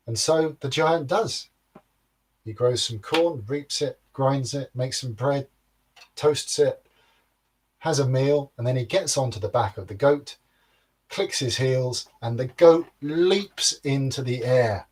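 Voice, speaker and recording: A man telling a folktale aloud in a slow, rhythmic and dramatic manner. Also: medium pitch, faint music behind. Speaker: storyteller.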